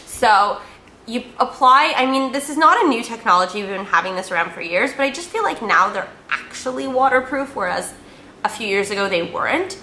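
A woman's voice: fairly high pitch, expressive, a little fast, bright, forceful tone, reverberant, a little hiss or hum. A woman beauty vlogger chatting casually through a product review, upbeat and full of fillers and repeated words.

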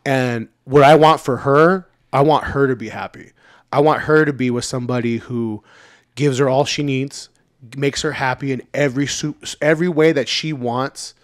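Recorded clean in a studio with no echo, a man in his thirties speaks at a moderate pace, his medium pitch fairly even in intonation. He's a regular on the podcast, chatting casually and candidly in a laid-back way, with many fillers and an occasional curse.

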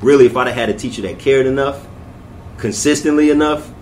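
Man, mid pitch, reflective and plainspoken, casual chat. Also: fairly quick, darkish tone, slight background noise.

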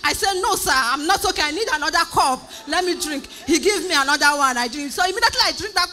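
A woman with a Nigerian accent gives an emotional, animated testimony in church, speaking at a quick pace in a high-sitting voice. She repeats phrases and often cries out and laughs. Faint music plays behind her.

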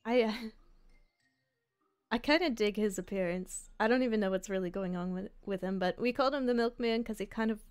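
A woman's voice: medium pitch, moderate pace, a little mellow, smooth, soft background music. A woman streaming a video game, chatting casually and playfully with her viewers. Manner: playful, giggly, chats with viewers. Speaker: virtual streamer.

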